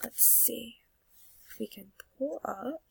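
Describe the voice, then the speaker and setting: A young woman teaching Spanish, sounding out words slowly for learners and then explaining casually. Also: on the high side, animated, creaky, darkish tone, slightly rough, no room sound. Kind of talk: classroom lesson recorded for students.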